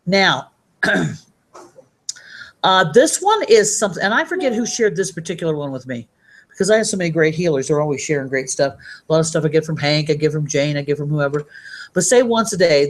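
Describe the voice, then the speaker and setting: A woman's voice: lowish voice, expressive, brisk. A woman giving a motivational training talk to her team. She talks in an upbeat, rambling way and reads sayings aloud from a handout. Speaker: network marketing trainer.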